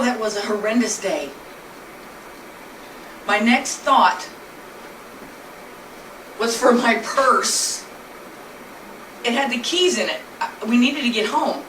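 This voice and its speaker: A woman's voice: a little high, bright, forceful tone. A woman telling her husband's illness story in an earnest, plainly spoken way, speaking from a distance in a noisy, echoey room. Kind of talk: personal storytelling presentation.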